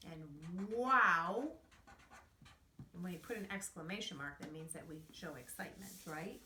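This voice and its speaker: Woman, preschool teacher, slow clear sing-song delivery, distant mic, roomy echo. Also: on the low side, pushed and bright, a little hiss or hum. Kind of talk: remote lesson and read-aloud for young children.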